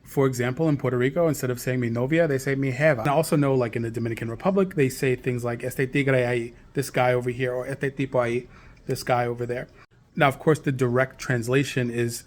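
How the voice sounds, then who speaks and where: A man with a mid-range voice gives a quick explanatory commentary as a channel host. He works through his point with spoken examples and keeps a brisk pace. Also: medium pitch.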